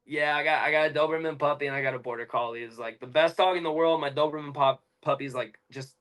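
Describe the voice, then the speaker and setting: A young man, an interview guest, explaining at length in a fast, emphatic, casual way with slang. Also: fairly high pitch, a bit bright, low-quality recording.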